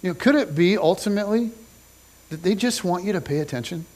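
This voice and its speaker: Middle-aged guy preaching, laid-back storyteller, voice sits a bit high, acts out the characters. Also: a little fast. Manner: conversational storytelling, animated retelling with casual slang. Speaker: pastor. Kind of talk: sermon. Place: church stage.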